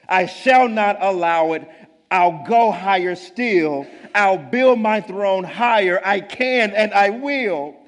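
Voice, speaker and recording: A man's voice: sits high, big-room sound, voice pushed up. A man reading the lines of a proud, boastful turtle king in a rhyming storybook, pompous and commanding.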